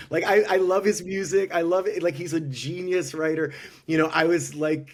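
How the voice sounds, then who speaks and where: A man's voice: a little high, lively intonation, quick pace. A middle-aged man, a musical director, talking as a guest in a casual podcast interview, effusive and rambling with many restarts.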